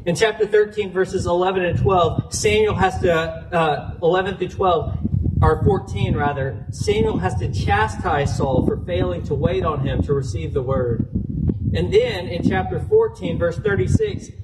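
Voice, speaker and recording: A male pastor works through a scripture story in an earnest sermon, citing chapter and verse along the way. His voice sits a little high and comes from a distance, with faint room ambience behind it. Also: background noise.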